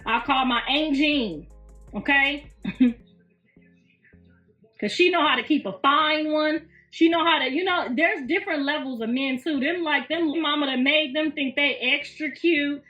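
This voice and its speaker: A woman's voice: high voice, measured pace. A woman in her fifties, hosting a casual livestream from home, talking bluntly with lots of profanity and laughter. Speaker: livestream host. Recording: roomy, distant, slightly muffled, faint music.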